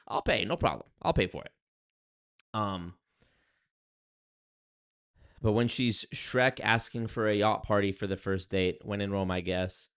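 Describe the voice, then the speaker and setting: A young man from Canada telling dating stories to camera in a casual, sarcastic monologue, jumping up into loud exclaims. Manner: animated, sarcastic, jumps to high exclaims. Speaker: vlogger.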